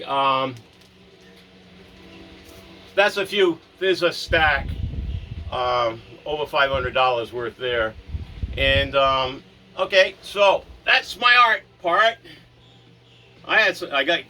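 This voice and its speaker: A man's voice: mid-range voice, sharp tone, recorded from a distance, slight background noise. A man from Rhode Island vlogging at home in a rambling, casual chat, often talking to his dog.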